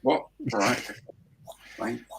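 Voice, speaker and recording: A man's voice: extremely slow, noisy background. An older man chatting on a hobby livestream, telling wry, grumbling stories about home life. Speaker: co-host on a modelling stream. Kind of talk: casual group chat on a modelling stream.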